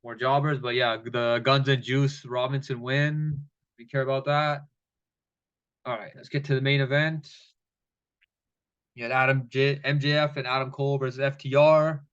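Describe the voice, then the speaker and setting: A man's voice: medium pitch, level tone, normal speed, fairly bright tone, smooth. A man recaps last night's wrestling in a loose, rambling way, swearing freely and laughing at the silly bits. His voice sits mid-range and comes through a dull, lo-fi recording. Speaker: wrestling show reviewer. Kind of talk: casual recap commentary.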